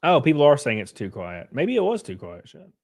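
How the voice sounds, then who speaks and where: A man with a medium-pitched voice whose pitch swoops wildly talks a little fast on the livestream he hosts. He rambles and swears in a casual rant, switching between loud bursts and quiet mutters, and chuckles often.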